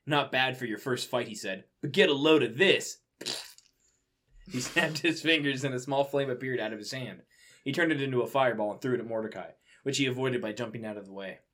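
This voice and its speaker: A man's voice: medium pitch, fairly bright tone. Young man reading fan fiction aloud, laughing. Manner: laughing, incredulous asides. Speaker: reader.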